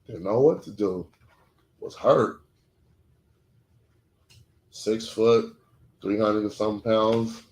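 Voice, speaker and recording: Deep-voiced man telling a blunt story. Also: slow, pauses often, darkish tone. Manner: blunt, profane and emotional, short clipped sentences. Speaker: podcast co-host. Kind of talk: candid personal storytelling. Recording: echoey room.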